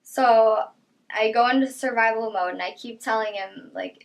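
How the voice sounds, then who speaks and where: A young woman giving personal testimony in an interview, telling her story in a quiet, halting way that trails off softly. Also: a little high, vocal fry, rough recording.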